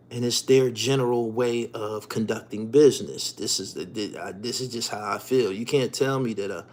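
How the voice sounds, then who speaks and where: A man hosting his own channel, delivering an emphatic, profane monologue in street slang, swinging from low mutters to loud outbursts. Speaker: channel host. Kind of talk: animated profane monologue to viewers.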